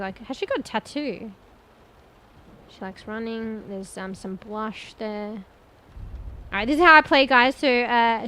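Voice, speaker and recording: A woman with a fairly high voice talking her way through a game for her stream. She rambles and thinks out loud as she explores, talks straight to her viewers, and drops casual swears along the way. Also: slight background noise, rough recording. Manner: chatty, addresses viewers directly. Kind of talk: casual gameplay commentary.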